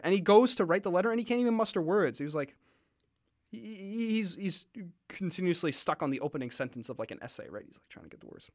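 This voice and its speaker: A man's voice: sits high, lively intonation, fast, no echo, clean studio sound. Rambling man retelling a story. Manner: rambling, filler-heavy, jokey asides.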